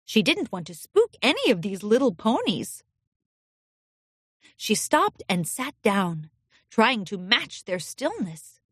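A woman narrating a storybook chapter in an expressive, storytelling way. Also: medium pitch, slightly rough, no room sound, studio quality.

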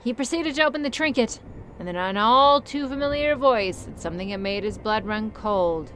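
A woman's voice: fairly high pitch, lively intonation, normal speed, fairly bright tone, slight background noise. A young woman reading a story aloud and mocking it with sarcastic, swearing asides. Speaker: story reader.

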